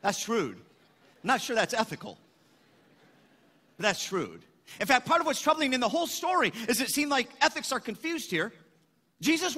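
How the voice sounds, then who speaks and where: A man's voice: extremely high pitch, bright, forceful tone. A man preaching a sermon, emphatic, asking questions and answering them himself. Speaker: pastor. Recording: echoey hall.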